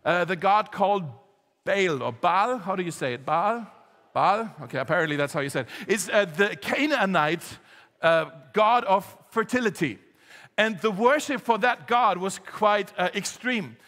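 Bright high-voiced pastor preaching in a hall. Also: male voice, normal speed. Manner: lively, jokey, talks straight to the congregation. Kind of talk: sermon. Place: church hall.

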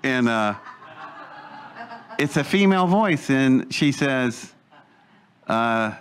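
A man's voice: medium pitch, lively intonation, slow pace, pauses often, clear, resonant tone. A man telling a personal story in casual speech, acting out the voices he quotes and laughing as he goes. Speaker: storyteller recounting his own experience.

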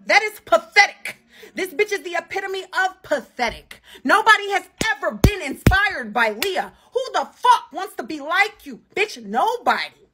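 A woman's voice: very high-pitched, very animated, normal speed, bright, forceful tone, soft background music. A young woman, ranting and cursing heatedly as a livestream host. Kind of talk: angry ranting commentary.

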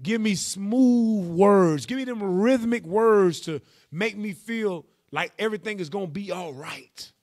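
A man teaching a Bible class in a lively, playful preaching style, drawing responses from the room. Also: high-pitched, normal speed, few pauses. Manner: animated, playful, calls on readers with "go ahead".

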